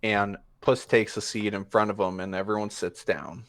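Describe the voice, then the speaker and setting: A man's voice: fairly low pitch, fairly even intonation, moderate pace, a bit bright. A man narrating a tabletop game as game master, casual and profane with plenty of fillers.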